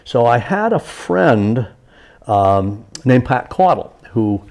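A man's voice: mid-range voice, very animated, takes it slowly, gravelly, a little mellow. A man, an author as a guest, telling stories in a casual community TV studio interview, chatty and full of restarts.

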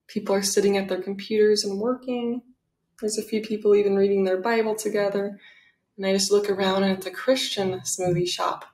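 A woman narrating a guided visualization in a soft, dreamy, enthusiastic manner. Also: mid-range voice, steady tone, fairly quick, slight background noise. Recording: roomy echo.

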